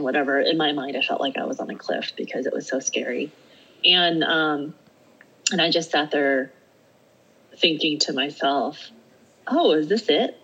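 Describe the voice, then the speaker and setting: A woman's voice: low voice, a bit bright, slightly rough, lo-fi sound. A middle-aged woman, a podcast guest, telling a story in casual conversation. She acts out her own self-talk and laughs often as she speaks. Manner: laughs often while talking.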